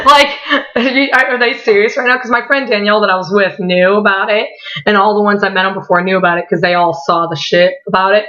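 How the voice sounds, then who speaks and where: Giggly, excitable young woman vlogger. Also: mid-range voice, a little fast, lo-fi sound. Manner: excitable, giggly, heavy use of "like", swears casually. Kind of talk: casual storytelling vlog.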